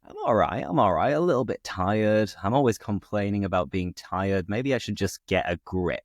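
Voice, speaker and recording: A man's voice: moderate pace, no echo, studio quality. A man with a northern English accent, hosting a casual conversation show for English learners in an upbeat, bouncy way. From northern England. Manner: upbeat, bouncy, lively pitch. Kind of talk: casual chat.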